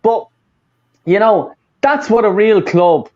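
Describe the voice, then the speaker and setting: A man's voice: high-pitched, animated, slow pace, dull audio. A man, hosting a casual football fan chat, rambling and swearing with lots of fillers and restarts. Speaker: fan channel host.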